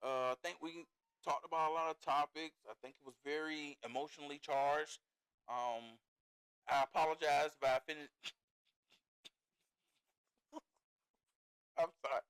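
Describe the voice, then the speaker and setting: A podcast host with a fairly high male voice, blunt and quick to laugh. He swears freely and talks in a loose, casual way. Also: steady tone, a bit bright, clean tone, rough recording. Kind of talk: casual chat.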